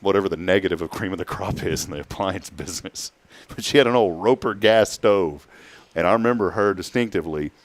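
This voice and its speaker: A man's voice: low-pitched, a little fast. A man hosting a morning talk show, joking and rambling with a laugh. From Georgia. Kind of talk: casual chat.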